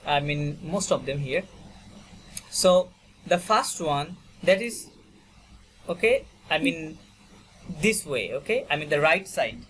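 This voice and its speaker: A man's voice: a little high, animated, slow, long pauses, a bit bright, slight background noise. Man patiently teaching French. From Bangladesh. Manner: patient, repeats words for students to echo; many fillers like "you know" and "okay". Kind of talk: online language lesson. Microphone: video call.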